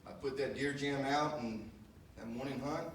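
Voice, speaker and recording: A man tells a folksy, rambling story at a memorial service, his voice sitting at an ordinary middle pitch. He is picked up from far off in an echoey room, and steady noise runs behind him. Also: moderate pace. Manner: folksy, rambling, with many fillers. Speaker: son giving a memorial eulogy. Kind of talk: storytelling eulogy.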